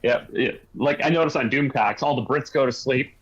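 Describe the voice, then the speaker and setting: A man joining a casual livestream panel as a guest, cracking quick, silly jokes. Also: mid-range voice, breathy edge. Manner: joking, quick with silly remarks. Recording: dull, slightly noisy lo-fi audio.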